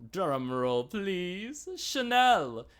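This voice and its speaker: A man doing a mock-British impression of a theatrical drag competition host, announcing in slow, drawn-out phrases with dramatic pauses. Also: sits high, sing-song, fairly bright tone, clean tone, pitched above the performer's own voice, full character voice. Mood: grandly announcing.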